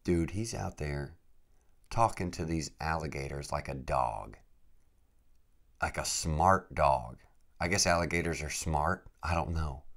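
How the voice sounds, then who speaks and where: A podcast host telling a travel story in a laid-back, rambling way, saying "dude" and "freaking" a lot. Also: male voice, very deep voice, measured pace, a bit bright.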